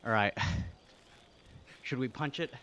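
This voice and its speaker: Taking it slowly in a mid-range voice, an Australian man streams live as he cycles, with a little hiss or hum in the audio. He reads out chat in a relaxed, chatty way, laughing often.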